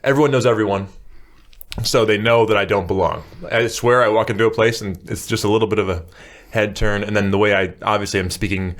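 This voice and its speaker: Lively American man, low voice. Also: fast talker. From United States. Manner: animated storyteller, laughs often. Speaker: podcast host. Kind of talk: casual podcast chat.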